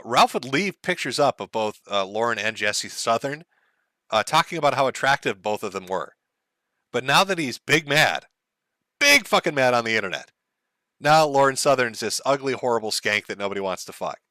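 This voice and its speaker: A man's voice: mid-range voice, expressive, normal speed, pushed and bright, no room sound, studio quality. A man hosting an online commentary stream, sarcastic and mocking, often laughing. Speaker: commentary host.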